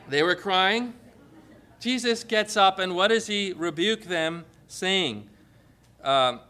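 A man preaching a sermon in church, animated and acting out the quoted lines in changing voices. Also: high voice. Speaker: pastor.

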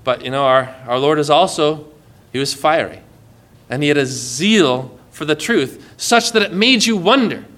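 A man preaching a sermon in an earnest way, often dropping soft and low as he quotes. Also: moderate pace.

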